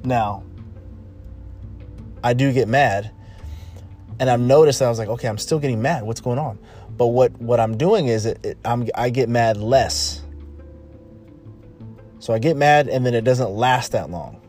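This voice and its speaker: A man's voice: medium pitch, measured pace, long pauses, darkish tone, faint music behind. Man giving a repetitive, emphatic monologue. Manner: repetitive, emphatic, rambling with restarts. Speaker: podcast host. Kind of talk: casual motivational monologue.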